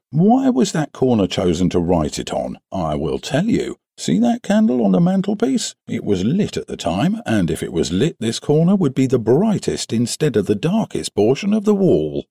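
A man's voice: lowish voice, vocal fry, mellow, husky, no room sound, studio quality, heavily acted. A man voicing a pompous, self-satisfied little police detective in an audiobook, speaking like a showman. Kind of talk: audiobook character voice.

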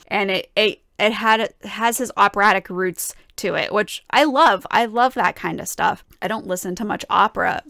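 A woman's voice: mid-range voice, a bit bright, no echo, clean studio sound. A woman musician casually and enthusiastically analyzing a song as she reacts to it. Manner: enthusiastic, explanatory.

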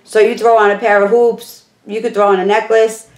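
A woman's voice: medium pitch, little pitch movement, fairly quick, reverberant. A woman who is losing her voice gives a casual, rambling hair tutorial, peppered with "like" and "literally". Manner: chatty, rambling, full of "like" and "literally". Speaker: beauty vlogger.

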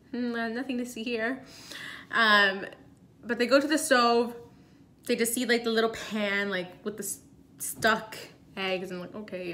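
A young woman vlogger telling a story in a casual, animated way, full of fillers and rushed retellings. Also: medium pitch, a little hiss or hum.

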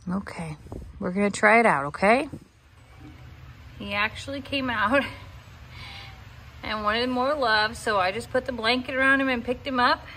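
A woman speaks in a gentle, cooing voice, soothing an animal in a casual outdoor vlog. Her pitch sits in the middle range and her talk stays soft and tender. Faint farm sounds hiss quietly behind her. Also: measured pace, pauses often, rough recording. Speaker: vlogger, pet owner. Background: faint farm ambience, geese and rain.

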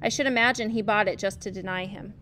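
A woman reading aloud, voicing a weary, stern farm mother in a low, subdued voice. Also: fast talker, a bit bright, slight background noise, natural voice.

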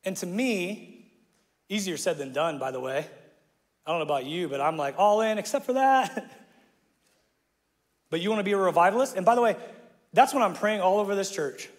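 A man's voice: sits high, animated, a little fast, long pauses. A male pastor preaching a sermon in a casual, slangy way, acting out the people in his story and laughing often. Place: church auditorium. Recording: live hall with long reverb.

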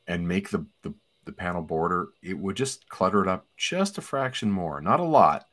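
A man in his forties co-hosting a casual comic book discussion, relaxed, chatty and enthusiastic. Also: sits low, normal speed. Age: 40s. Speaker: podcast co-host.

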